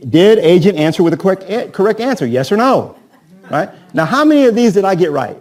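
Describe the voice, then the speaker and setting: A man's voice: sits high, brisk. A man training real estate agents at a live seminar. He talks energetically, keeps asking "right?" and acts out sales scripts with a volunteer from the audience. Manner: energetic, peppers talk with "right?" and questions to the audience.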